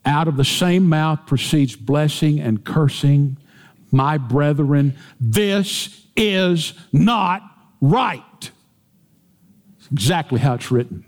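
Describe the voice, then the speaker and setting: A man preaching in a church sanctuary, his voice sitting a little high for a man and carrying a long hall reverb. He talks slowly and deliberately, pressing each point with emphasis and rising as he quotes scripture. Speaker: pastor. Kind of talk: sermon.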